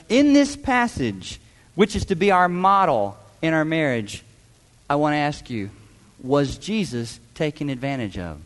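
Male pastor, high voice, emphatic sermon delivery, reverberant church hall. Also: sing-song, unhurried. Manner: emphatic, rhetorical questions, mimics voices.

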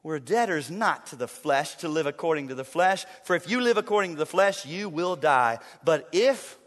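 A man preaching a sermon as pastor, emphatic and playful, swinging from loud declarations to hushed, drawn-out phrases. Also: on the high side, lively intonation. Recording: long church reverb.

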